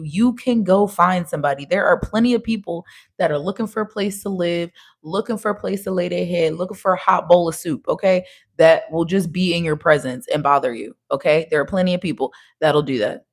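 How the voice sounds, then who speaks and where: A young woman giving a casual tarot reading, talking frankly with slang, swearing and frequent laughs. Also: on the low side. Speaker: tarot reader.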